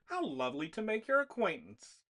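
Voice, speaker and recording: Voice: medium pitch, wildly swooping pitch, a little fast, fairly bright tone. A narrator voicing Miss Higgins, a gracious elderly woman with old-fashioned courtesy.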